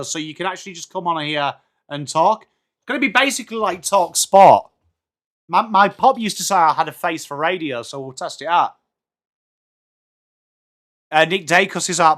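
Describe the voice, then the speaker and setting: A man with an English accent hosts a live football watchalong, chatting away to his viewers. He greets them by name and throws in jokes as he goes, his voice sitting slightly high for a man. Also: a bit bright. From England. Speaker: streamer hosting a football watchalong. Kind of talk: casual live-stream chat reading out viewer comments.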